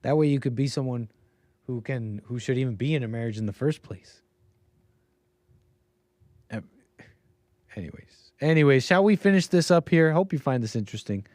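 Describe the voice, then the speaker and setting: A man hosting a livestream, reacting to a debate clip in a chatty, animated way. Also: mid-range voice, normal speed, pauses often, no room sound. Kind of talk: casual reaction commentary.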